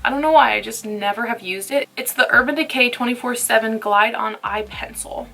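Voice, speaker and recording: A young woman chatting casually through a makeup tutorial, playful and sometimes dropping to soft murmurs. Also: fairly high pitch, brisk, creaky, faint music behind. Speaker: beauty vlogger.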